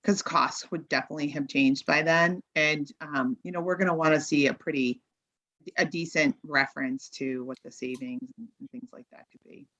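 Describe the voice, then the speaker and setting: A woman's voice: deep voice, normal speed, a bit bright, no echo, dull audio. A woman advising a town committee in a meeting, explaining options in a practical, think-aloud way over remote-call audio. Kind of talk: meeting discussion.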